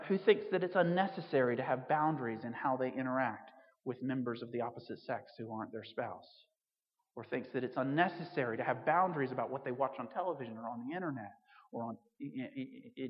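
A man's voice: mid-range voice, fairly quick. A man preaching a sermon in a conversational way, full of asides and restarts. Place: church on Jersey. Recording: dull reverberant hall recording.

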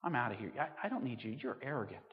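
A vicar voicing a proud male patient who speaks low with quiet fury. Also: lively intonation, fast talker, long reverb tail, highs cut off, lightly acted. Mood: seething. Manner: low, clipped, seething.

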